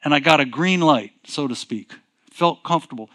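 A man's voice: on the high side, normal speed, bright, forceful tone. A male pastor telling a personal story in a sermon, conversational and rambling, often restarting with "so anyways". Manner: conversational, repeats himself, frequent "so anyways" restarts.

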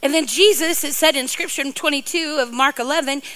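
A woman's voice: high voice, fairly quick, bright, forceful tone, rough recording. A middle-aged woman preacher giving a sermon, playful and joking, with rambling asides to her congregation.

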